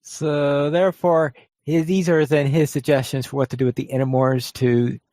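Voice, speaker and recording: A podcast co-host chatting casually about a game, thinking aloud with halting restarts. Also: medium pitch, level tone, warm tone, no echo. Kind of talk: casual gaming podcast chat.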